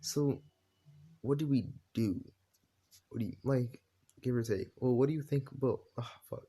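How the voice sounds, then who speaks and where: A man's voice: mid-range voice, moderate pace, mellow. A man improvising a fan story while playing a game, rambling casually with lots of fillers and swearing.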